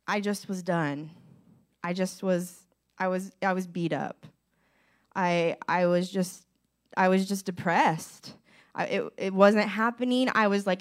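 Earnest woman giving a church testimony. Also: mid-range voice. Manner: earnest, conversational, asks the audience questions.

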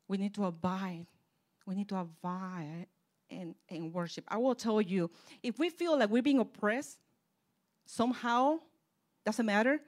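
A woman preaching and telling a personal testimony, fervent, dropping soft and then rising loud. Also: medium pitch. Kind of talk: sermon testimony.

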